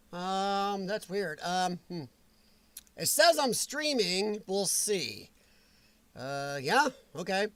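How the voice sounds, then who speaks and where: A man hosting a casual live-stream chat from his computer, rambling and grumbling about a software update. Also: high-pitched, no room sound.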